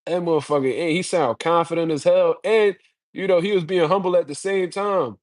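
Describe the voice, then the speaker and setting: A man's voice: fairly high pitch, brisk, dry recording, clean studio sound. A man giving casual, profane boxing commentary, blunt and slangy, ranting heatedly straight to his viewers.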